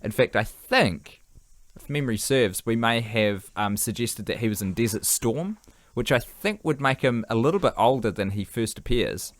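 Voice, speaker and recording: A man's voice: mid-range voice, animated, moderate pace, no echo. Tired, jokey New man, dry close mic. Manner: jokey, rambling, swears casually. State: tired and hungry. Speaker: podcast co-host. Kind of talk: casual chat.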